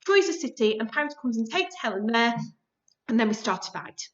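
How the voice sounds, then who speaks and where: A woman reading a storybook aloud, voicing a bossy, boastful male god stuck as a hamster who squeaks, sulks and booms. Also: expressive, fairly quick, lightly acted. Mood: squeaky huffy. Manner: huffy, squeaky, booming when proclaiming. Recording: dull lo-fi recording.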